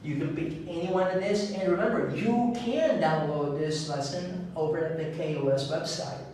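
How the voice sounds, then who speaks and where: A man teaching an online English lesson, speaking slowly and clearly and drilling the pronunciation of words one at a time. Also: on the high side, a little mellow, heavy reverb, far from the mic, a little hiss or hum, low-quality recording. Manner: slow and clear, drilling words with a repeated stress.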